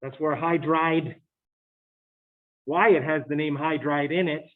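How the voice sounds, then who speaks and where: A man's voice: on the high side, steady tone, measured pace. A man lecturing on chemistry to students in a chatty way, with joking asides. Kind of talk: recorded lecture. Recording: tinny phone-like lecture audio.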